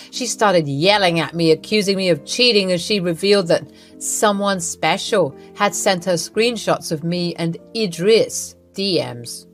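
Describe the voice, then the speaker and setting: A woman narrating a scripted first-person drama story with a wry, amused manner. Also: lowish voice.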